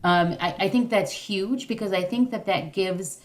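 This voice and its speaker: A woman's voice: medium pitch, moderate pace. Woman, parenting-class facilitator; encouraging, loose delivery with fillers, video-call sound.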